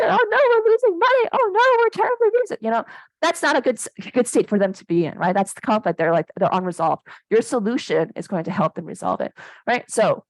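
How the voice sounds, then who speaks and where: A woman in her thirties lectures in a conversational, energetic way, tagging her points with quick questions to the room. Her voice sits at a middle pitch and sounds dry and close. She swings up and down as she makes each point. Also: dry recording, low-quality recording. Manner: animated, conversational, keeps asking "right?". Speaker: academic workshop presenter. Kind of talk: casual lecture.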